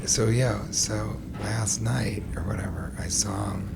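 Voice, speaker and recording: A comedian guest on a podcast, telling stories in a profane, animated way that swings between loud outbursts and hushed asides. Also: male voice, lowish voice, measured pace, creaky. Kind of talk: casual podcast chat. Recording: noisy background.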